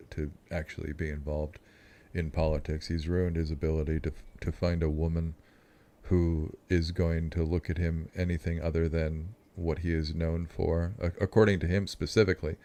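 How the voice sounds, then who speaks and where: A man with a very deep voice comments on a clip in a dry, sarcastic way. He keeps his delivery flat and level, with barely any rise or fall. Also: normal speed. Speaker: commentary host. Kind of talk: reaction commentary.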